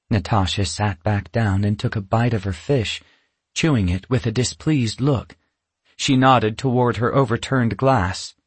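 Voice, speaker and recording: Husky-voiced man narrating a storybook. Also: fairly low pitch, a little slow, no echo. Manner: expressive, lively storytelling. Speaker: audiobook narrator.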